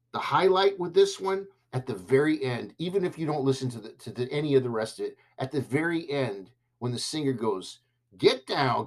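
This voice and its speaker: A man hosting his own podcast, chatting casually and enthusiastically to listeners, joking as he runs through a playlist and shout-outs. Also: medium pitch. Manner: upbeat, enthusiastic, jokey with listeners. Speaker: podcast host. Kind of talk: casual solo podcast talk.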